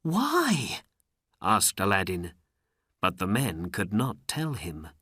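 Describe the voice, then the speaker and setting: A woman reads a storybook aloud in a very low voice, slow and carefully enunciated. Her pitch still moves lively through each sentence, and the recording is dry and close. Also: dry recording. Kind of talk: graded reader narration.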